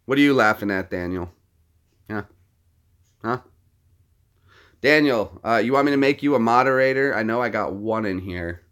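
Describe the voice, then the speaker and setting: A man's voice: on the low side, moderate pace, pauses often, a bit bright. A man casually chatting with his live-stream viewers between impressions, rambling and friendly. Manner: chatty, rambling, talks to chat.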